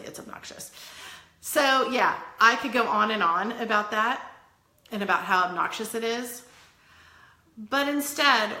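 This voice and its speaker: A woman giving an earnest, tough-love motivational talk, chatty with quick asides. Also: fairly high pitch, sharp tone, roomy sound. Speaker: wellness vlogger.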